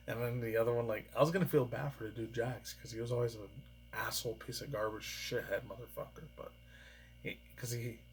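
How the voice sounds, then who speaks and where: A man's voice: mid-range voice, steady tone, fairly quick. A male vlogger rambles through casual reactions and news, dropping profanities and chuckling as he goes. His voice sits in an ordinary middle range. A faint hum lies under the recording. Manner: profane, rambling, often laughing.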